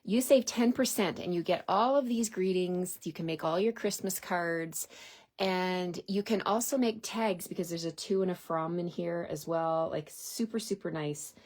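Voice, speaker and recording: A woman's voice: fairly low pitch, normal speed, a little mellow. A woman giving a casual, chatty craft tutorial, laughing often and reading out viewer comments. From Canada. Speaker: card-making demonstrator.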